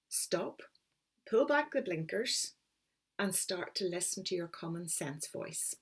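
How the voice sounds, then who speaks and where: A middle-aged woman, giving a calm, encouraging motivational talk as a coach. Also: on the low side, slightly rough. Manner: calm, encouraging, explains step by step.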